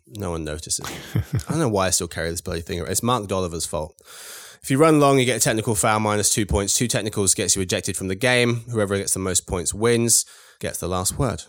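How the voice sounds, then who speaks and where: A man's voice: lowish voice, expressive, fairly quick, faint music behind. A man hosting a panel podcast, reading stories and running a quiz game in a playful, upbeat way. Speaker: podcast host.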